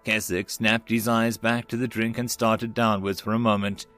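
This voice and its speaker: A man narrating a science-fiction short story in a measured audiobook style. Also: lowish voice, little pitch movement, fairly bright tone. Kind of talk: scripted narration.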